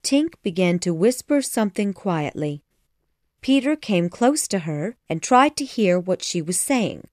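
A woman narrating a children's classic audiobook in a measured, expressive storytelling manner. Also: mid-range voice, no room sound, studio quality.

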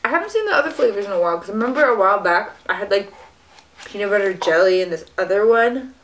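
A woman's voice: mid-range voice, animated, fast, a bit bright, a little hiss or hum. Chatty young woman eating on camera. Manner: chatty, eating while talking, lots of fillers and mm sounds. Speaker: fitness vlogger. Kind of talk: casual mukbang chat to camera.

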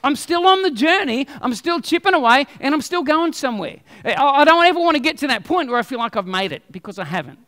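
A man preaching a sermon as a pastor, telling stories with animated humor. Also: very high-pitched, fast talker, few pauses, in a large hall.

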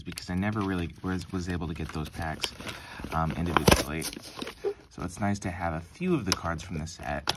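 On a very noisy recording, a drowsy, low-voiced man runs a casual pack-opening vlog for his card-opening channel. His delivery is hushed to almost a whisper, hesitant, and crowded with ums and likes.

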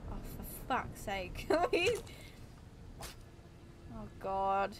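A young woman streaming a horror game, reacting excitably, swearing, shrieking and laughing nervously. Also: medium pitch, drawn-out words. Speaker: gaming streamer. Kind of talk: reactive gameplay commentary. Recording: noisy home recording.

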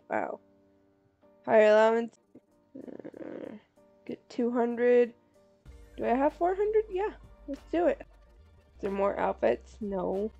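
A woman's voice: mid-range voice, gravelly, warm tone, muffled recording. A woman casually commenting on a life-sim game, thinking aloud over her choices. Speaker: gamer playing a life sim. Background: faint game music.

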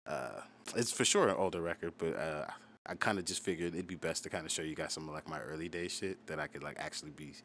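A young man with a low, deep voice talks through a casual storytime, swearing freely and leaning on filler words as he rambles. He is self-deprecating and offhand, and a faint hiss sits under the recording. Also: fast, a bit bright. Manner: loose and profane, heavy on "like". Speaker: rapper and channel host. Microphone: solo voice recording.

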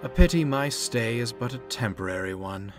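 A man voicing a polite, formal male steam engine, speaking in a measured, courteous way. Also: mid-range voice, lively intonation, soft background music, lightly acted.

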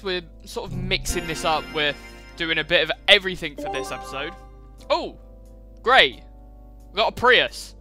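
High-voiced man doing racing game commentary. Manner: dry sarcastic asides while playing. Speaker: gaming channel host. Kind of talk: gameplay commentary. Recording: loud music and car engine sounds behind. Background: game music and racing car sounds.

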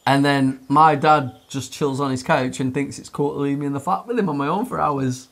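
A man's voice: mid-range voice, steady tone, fairly quick, creaky, fairly bright tone. A young man telling a long story in casual podcast chat, swearing often, laughing and using lots of fillers.

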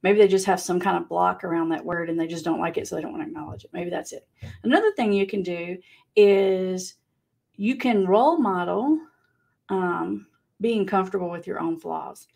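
A woman's voice: fairly low pitch, normal speed, creaky, a little mellow. A woman with a Southern US accent hosting a casual live chat, laughing often and reading out viewer comments. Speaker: livestream host.

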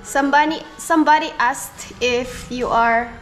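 A woman's voice: high-pitched, fairly even intonation, moderate pace, faint music behind. A woman chatting casually to her viewers in a family vlog, laughing often between phrases. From Philippines. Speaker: family vlogger. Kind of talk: casual vlog chat to camera.

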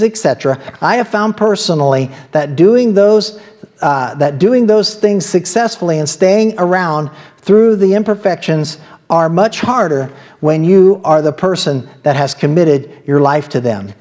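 A man's voice: fairly high pitch, darkish tone. A man with an Ohio accent preaching a sermon as pastor, talking in a conversational way with asides and laughs.

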